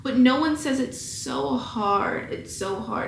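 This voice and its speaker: A woman's voice: high-pitched, slow pace, vocal fry, roomy sound, slight background noise. A woman in her twenties giving a candid, emotional big-sister pep talk at home, with some casual swearing. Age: 20s. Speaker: vlogger. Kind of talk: casual chat to camera. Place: at home, indoors.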